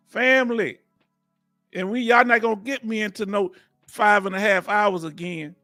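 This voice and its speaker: A Texan man in his fifties with a Southern accent hosts a casual veterans live-stream chat, reading out viewer comments in a folksy way. His voice is high, pushed and bright, at a measured pace. The sound is studio quality with no room echo and soft background music.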